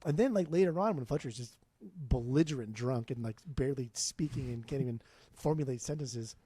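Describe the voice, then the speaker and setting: A man co-hosting a podcast, retelling stories in rambling, animated casual chat full of "like.". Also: medium pitch, brisk, breathy edge. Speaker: podcast co-host.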